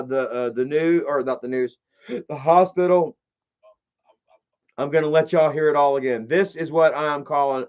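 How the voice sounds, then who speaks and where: A man's voice: fairly high pitch, smooth, highs cut off. A man hosting a livestream, rambling with many fillers and making sarcastic, profane remarks. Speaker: livestream host. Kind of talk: casual live-stream commentary.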